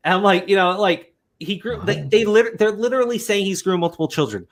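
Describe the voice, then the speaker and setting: Man, heated commentary, sweary, lively pitch, slightly high voice. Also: fairly quick. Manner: animated, swears a lot, mocks in high whiny voices. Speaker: commentary podcast co-host.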